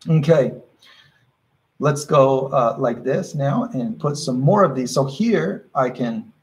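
A man's voice: medium pitch, slow pace, rough recording. A man teaching a live painting workshop, explaining his brushwork in a casual, encouraging way and often restarting his sentences as he thinks aloud. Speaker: painting instructor.

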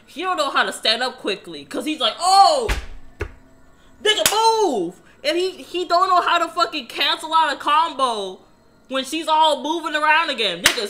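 Profane, excitable woman gamer. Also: sits high, noisy background. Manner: profane, excitable, yells at the game. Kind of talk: casual gameplay commentary.

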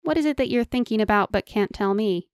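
A woman's voice: mid-range voice, animated, brisk, a little mellow, no room sound, clean studio sound, voice pushed up, lightly acted. A woman voicing a playful, sweet-toothed male enchanter who chatters theatrically in an audiobook. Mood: teasing. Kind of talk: audiobook character voice.

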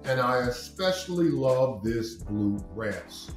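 A man's voice: medium pitch, animated, slow pace, echoey room, soft background music, voice pushed down. A man voicing a foolish male donkey who stubbornly dismisses correction.

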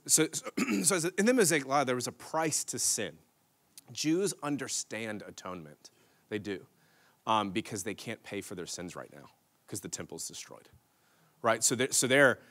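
A man in his thirties, a pastor, telling a story in a sermon. He is animated, laughs often, and swings between loud bursts and hushed asides. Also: medium pitch, a little slow. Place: church stage.

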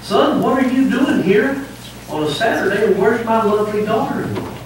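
Man doing a soft-spoken, bewildered dad, slightly raised voice, distant mic in an echoing church. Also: high-pitched, expressive, normal speed, voice pushed up. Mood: puzzled, soothing. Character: gentle puzzled middle-aged father. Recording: echoey sanctuary, distant mic, faint noise.

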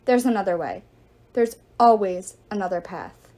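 A woman's voice: medium pitch, lively intonation, normal speed, mellow, close to an everyday voice. A woman reading aloud and voicing a determined, earnest teenage girl. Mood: firm. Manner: firm, earnest.

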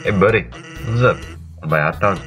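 A man voicing a lazy skeleton hawking snacks with easy wisecracks. His deep, relaxed voice rolls through each joke. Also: fast, lo-fi sound, soft background music. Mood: easygoing. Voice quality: laid-back, wisecracking. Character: lazy joking male skeleton vendor.

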